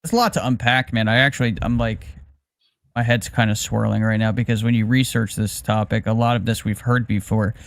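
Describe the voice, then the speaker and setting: A man's voice: on the low side, steady tone, a little fast, creaky, dry recording. A male co-host in casual livestream chat who thinks aloud over a video call, with lots of fillers.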